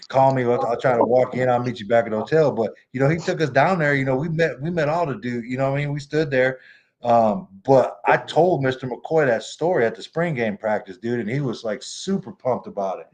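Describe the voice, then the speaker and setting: A man's voice: medium pitch, fairly quick, a little mellow. Give me a laid-back man telling a rambling story. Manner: laid-back, rambling, lots of "you know what I mean". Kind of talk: casual storytelling. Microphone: remote call mic.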